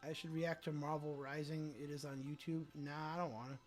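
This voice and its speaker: Low-key man reading chat comments. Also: level tone, fairly quick, soft background music. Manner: low-key, dry, reads comments aloud and reacts. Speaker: livestream host.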